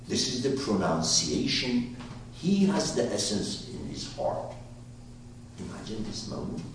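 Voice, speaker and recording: A man telling a story to a live group, lively and asking his listeners questions, in a roomy space heard from a distance. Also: on the low side, slight background noise. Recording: roomy hall, voice from far off.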